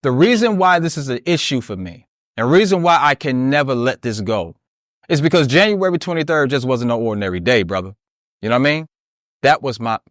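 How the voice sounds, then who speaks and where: A man's voice: mid-range voice, dry recording, clean studio sound. A man, a military veteran, telling a story in an interview and acting out the dialogue as he goes. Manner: animated retelling that acts out dialogue, often asks "you know what I mean?". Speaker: interview guest.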